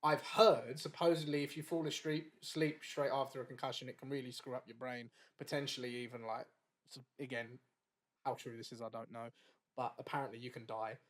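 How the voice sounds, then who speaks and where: A man's voice: mid-range voice, little pitch movement, a little fast. A man, a wrestler guest on a podcast, telling a story in casual chat. He laughs often and acts out the quoted dialogue.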